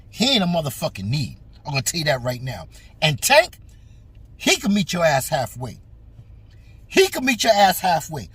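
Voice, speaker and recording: A boxing talk show host rants at the fighter directly, his high, slightly bright, husky voice full of swearing. The recording is dry, and his animated opinions come out emphatic and profane.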